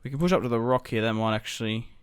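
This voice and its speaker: Young male let's-player, smooth voice, dry close sound, musing as he plays. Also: mid-range voice, no room sound. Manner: thinking aloud, musing and unhurried. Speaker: gaming video host. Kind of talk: casual strategy game commentary.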